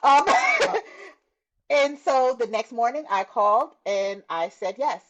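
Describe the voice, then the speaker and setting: A woman's voice: a little high, moderate pace, dull audio. Woman telling her story, earnest. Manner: earnest, warm storytelling with laughs and acted-out quotes. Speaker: guest sharing a testimony. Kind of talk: conversational storytelling interview.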